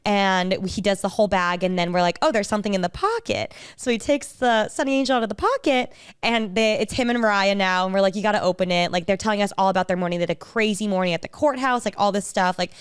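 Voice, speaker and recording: A woman co-hosting a podcast, telling a story in an animated, gushing way. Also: mid-range voice, quick pace, few pauses, clean tone, dry recording, studio quality. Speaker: podcast co-host. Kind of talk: casual chat.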